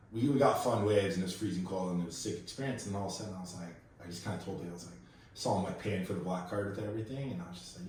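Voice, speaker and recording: A man from Kauai, a pro surfer guest, telling stories in a slangy, laid-back podcast chat full of fillers. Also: on the low side. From Kauai, Hawaii. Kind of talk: casual podcast storytelling. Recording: echoey room, mic at a distance.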